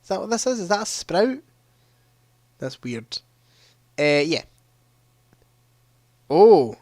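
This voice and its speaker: A man's voice: sits high, very animated, takes it slowly, a little mellow, no room sound, studio quality. A young man hosting a live-streamed quiz, chatting casually into a headset mic and reading questions aloud with a ready laugh. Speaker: livestream quiz host.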